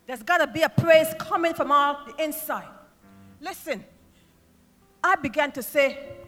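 Lady preacher, very high piercing voice, fiery sermon, big church reverb w/ music under. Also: lively intonation, moderate pace. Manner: builds from soft storytelling to shouted praise. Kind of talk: impassioned sermon.

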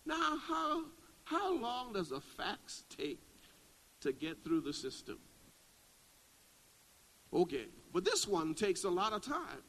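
A middle-aged male pastor preaching a sermon, dropping to a hush and then climbing to loud, rising exclamations. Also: high-pitched, very animated, slow pace, pauses often, poor audio.

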